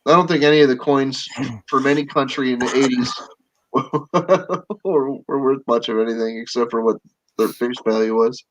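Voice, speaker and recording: A man's voice: mid-range voice, normal speed, fairly bright tone, poor audio. A man hosting a livestream panel in casual chat, joking and laughing often. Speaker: livestream host.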